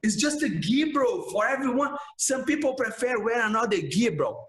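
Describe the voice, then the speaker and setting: A man's voice: very high-pitched, expressive, normal speed, a bit bright, reverberant, rough recording. A man, a jiu-jitsu instructor talking passionately in a casual podcast interview, filling his speech with "man" and "bro".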